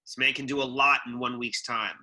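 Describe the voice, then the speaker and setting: A man's voice: mid-range voice, fairly even intonation, fairly quick, pushed and bright. A man chiming in as co-host with joking asides. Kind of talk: casual interview chat.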